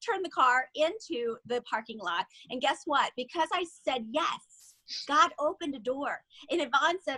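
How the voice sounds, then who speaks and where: A woman giving a motivational sales talk, telling stories in an animated way and acting out the quoted voices. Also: high voice, measured pace, no room sound, poor audio.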